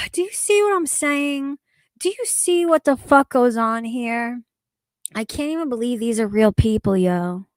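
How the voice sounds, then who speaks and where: A woman's voice: a little high, lively intonation, measured pace, dry recording. A woman streamer giving exasperated, profane reaction commentary, swearing heavily and sounding incredulous.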